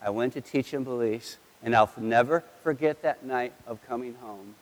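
A middle-aged man preaching a sermon as a pastor, telling a family story with animated delivery and acting out his sons' lines. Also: medium pitch, normal speed. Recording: long hall reverb.

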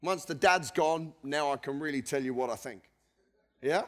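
A middle-aged pastor, fairly high-pitched and moderately paced, reads from scripture during his sermon. Animated and conversational, he chuckles between points and keeps leading his congregation in call-and-response.

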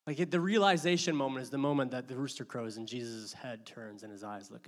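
A man preaching a sermon, telling a story with dramatic swings between loud outbursts and hushed asides. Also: mid-range voice, quick pace, hardly any pauses, in a large hall. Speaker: pastor.

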